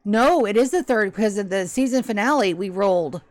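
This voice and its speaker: A woman game master narrating a tabletop session in a loose, chatty way, cursing freely. Her voice sits at a middle pitch and sounds dry and close-miked, with no room echo. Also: expressive, normal speed. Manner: casual, chatty, swears.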